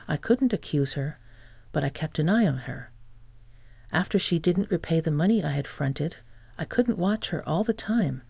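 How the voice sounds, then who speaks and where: A woman narrating a first-person story in an even, measured scripted read. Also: low-pitched, creaky, slightly rough, dry recording.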